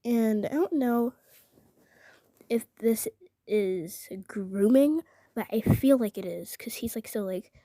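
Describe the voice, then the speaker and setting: A young woman vlogger tells a casual story, indignant and often sinking to a half-whisper. Her voice is a little high and warm, she talks slowly, and the recording has no echo. She rambles, packing in lots of filler "like"s.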